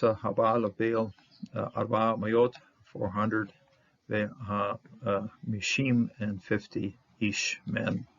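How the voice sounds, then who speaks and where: Gravelly low-voiced man teaching Hebrew. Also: muffled recording. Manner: halting, many "uh" fillers, sounds out Hebrew words. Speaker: Bible teacher. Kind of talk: verse-by-verse Hebrew word study.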